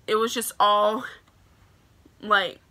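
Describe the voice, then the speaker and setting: Bright-voiced chatty young woman. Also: medium pitch, slow. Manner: chatty and animated, heavy use of "like" fillers. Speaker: vlogger telling a story. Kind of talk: casual storytime to camera.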